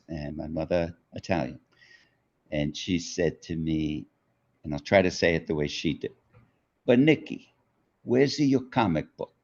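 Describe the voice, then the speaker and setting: A man's voice: extremely low pitch, a little mellow. An older man, telling a story from his childhood in an interview and acting out the voices in it. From New York. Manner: unhurried storyteller, acts out quotes. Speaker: author being interviewed. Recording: dull lo-fi audio.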